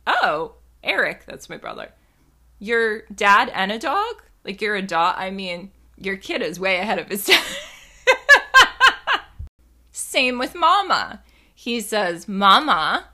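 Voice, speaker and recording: Bright-voiced, chatty, profane young woman. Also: mid-range voice. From New Jersey. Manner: chatty, profane, rambling with many fillers. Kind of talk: casual storytelling monologue.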